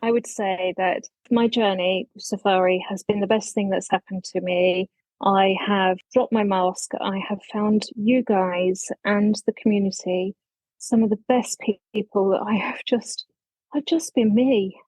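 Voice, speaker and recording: A woman's voice: mid-range voice, fairly even intonation, unhurried, darkish tone, no room sound, low-quality recording. A woman in her fifties from England introducing herself on a podcast in a bubbly, self-deprecating way. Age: 50s. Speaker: community member.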